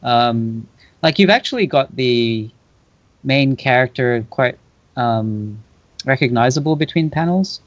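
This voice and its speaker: A man's voice: medium pitch, expressive, a little slow, no echo, dull audio. A man hosting a live stream, giving casual comic feedback with plenty of "um" and "like.". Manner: hesitant, lots of "um" and "like". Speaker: stream host and co-judge.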